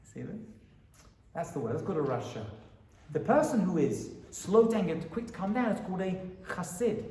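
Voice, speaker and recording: A rabbi lectures with a high, lively voice that swings up and down as he keeps asking his audience questions. He sounds set back from the mic, and the room around him echoes. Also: normal speed, distant mic. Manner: animated, asks the audience questions.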